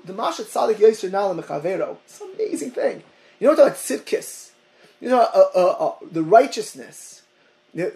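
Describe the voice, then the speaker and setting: A man teaching a Torah class over a call, talking in halting bursts, often repeating words and mixing in Hebrew and Yiddish terms. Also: high voice, vocal fry, darkish tone, rough recording.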